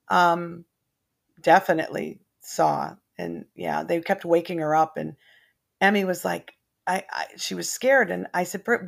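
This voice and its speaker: A woman's voice: on the low side, gravelly. An older woman telling long family anecdotes in casual chat, rambling with many restarts.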